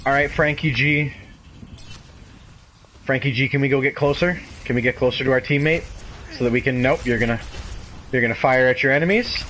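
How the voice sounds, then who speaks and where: A man's voice: medium pitch, steady tone, brisk, pauses often, fairly bright tone, slight background noise, low-quality recording. A young man streaming a game, chatting casually and laughing often. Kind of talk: casual gaming chat.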